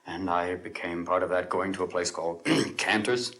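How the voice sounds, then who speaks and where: A comedian speaking in a mock-solemn, hushed way, partly whispered. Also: male voice, sits low, little pitch movement, normal speed, few pauses.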